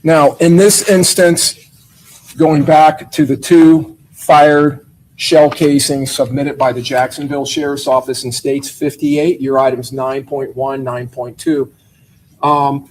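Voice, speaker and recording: A man's voice: mid-range voice, a little mellow, a little hiss or hum, rough recording. Methodical male attorney questioning a witness. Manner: measured, methodical questions with occasional hesitations. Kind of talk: courtroom questioning. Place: courtroom.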